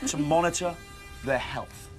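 Playful high-voiced British TV presenter. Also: male voice. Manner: playful, mock-indignant, jumps between bits. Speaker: breakfast TV presenter reading newspaper puns. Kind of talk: jokey live studio banter.

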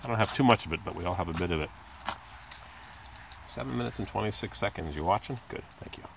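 A man's voice: expressive, fast, creaky, noisy background. Rambling man fixing his car. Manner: rambling, chatty, imitates squeaks in a high voice. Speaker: car repair video maker. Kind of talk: casual hands-on repair talk. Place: outdoors by a car in a driveway. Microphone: phone camera held in hand.

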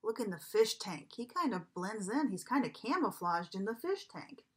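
A preschool teacher reading a picture book aloud to young children, asking them coaxing questions and dropping now and then to a whisper. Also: female voice, medium pitch, slightly rough. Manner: animated, slow, coaxing questions to children, drops to a whisper at times.

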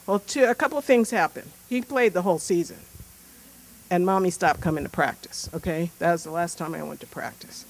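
A woman pediatrician giving a casual, animated conference talk built on personal stories, with frequent fillers. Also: medium pitch, moderate pace, low-quality recording. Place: conference room.

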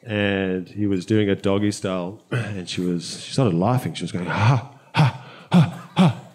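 A man from South Africa with a South African accent, doing open mic stand-up on a comedy club stage, with a halting, stuttering delivery. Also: deep voice, steady tone, darkish tone.

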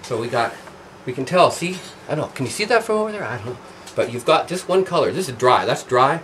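A man's voice: medium pitch, big pitch swings, fast talker, a bit bright, a little hiss or hum. Rambling, joking man hosting a how-to. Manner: rambling, joking, self-deprecating asides. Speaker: host of a how-to show. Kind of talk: casual hands-on demonstration.

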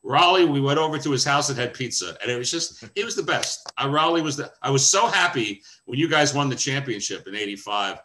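A man's voice: medium pitch, a little fast, hardly any pauses. An older man, a veteran sportscaster, telling wry stories as a guest on a video call. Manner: wry, animated storyteller. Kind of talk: anecdotal storytelling.

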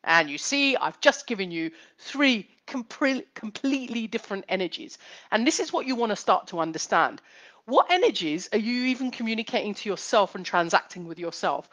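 A woman psychotherapist talks to viewers in a live-streamed teaching session. She speaks at a middle pitch, in an explanatory way, and she often repeats key points and asks rhetorical questions. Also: animated, moderate pace, a bit bright. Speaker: psychotherapist hosting a live chat.

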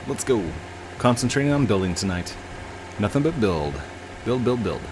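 A man's voice: fairly low pitch, expressive, moderate pace, background noise. A man casually commenting while he plays a building game, chatting to himself and his viewers. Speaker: let's play host.

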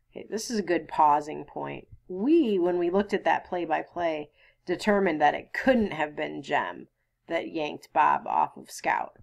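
A woman teacher reads a novel aloud to her class and breaks off to explain and quiz them. She talks in a relaxed, conversational way with a fairly low voice. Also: unhurried, creaky.

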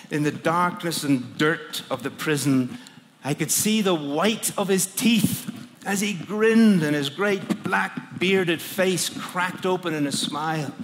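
In a large conference hall, a man preaches a sermon told as a dramatic first-person story, frequently hesitating and searching for words amid many fillers and laughs. His voice is a little high, with a long reverb tail and slight background noise.

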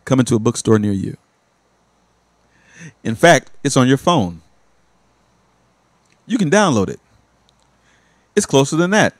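A man's voice: medium pitch, sing-song, unhurried, long pauses. A male life coach giving a motivational, sermon-like talk, emphatic and repetitive as he urges listeners on. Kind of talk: motivational preaching.

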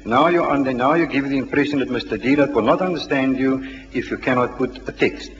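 A man's voice: medium pitch, fairly quick. A man chairing a lecture question session, firmly and emphatically insisting that questioners get to the point. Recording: dull old hall recording with reverb and hiss.

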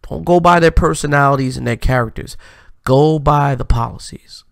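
Man, stream host, gravelly voice, dry close sound, preachy emphatic delivery. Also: on the high side, normal speed, no room sound. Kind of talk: commentary vlog.

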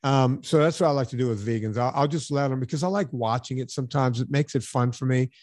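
A man hosting a podcast, telling stories in an animated, sarcastic way during casual chat. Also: medium pitch, fast, no echo, studio quality. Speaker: podcast host.

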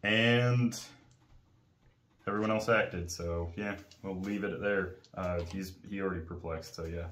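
A man's voice: low-pitched, steady tone, unhurried, a bit bright. A man talking through his moves in a tabletop miniatures game, matter-of-fact and casual. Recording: echoey room with faint noise.

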